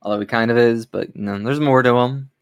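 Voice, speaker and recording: A man's voice: medium pitch, fairly even intonation, a little fast, smooth, no room sound, highs cut off. A man co-hosting a podcast in casual chat, giving blunt, opinionated takes. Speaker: podcast co-host.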